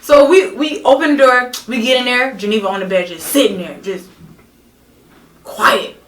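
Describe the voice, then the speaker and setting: A young woman telling a story as a podcast guest, animated, emphatic and profane. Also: fairly high pitch, normal speed. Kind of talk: casual storytelling. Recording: roomy echo, distant mic.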